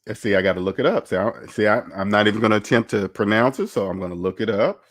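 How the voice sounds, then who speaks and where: A man's voice: fairly low pitch, fast, dry recording, clean studio sound. Rambling man hosting a money stream. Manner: candid, rambling, reads chat aloud. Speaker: finance livestream host. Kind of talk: casual livestream chat.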